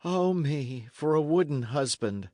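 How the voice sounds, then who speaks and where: A man's voice: on the high side, animated, a little slow, dry recording, studio quality, voice pushed up. A man doing a timid young runaway lad. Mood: pleading. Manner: soft, anxious, imploring.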